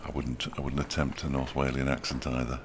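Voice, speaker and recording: A man in middle age commentates on cricket ball by ball, his voice sitting extremely low. He slips in dry, wry remarks between deliveries, over faint ambience from the ground. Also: level tone, fairly quick, a little hiss or hum.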